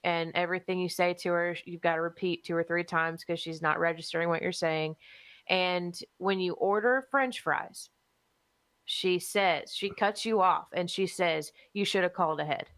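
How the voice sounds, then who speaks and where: A woman's voice: fairly low pitch, steady tone, normal speed, a bit bright, smooth. Woman co-host spinning a profane, exasperated story in casual chat. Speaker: podcast co-host.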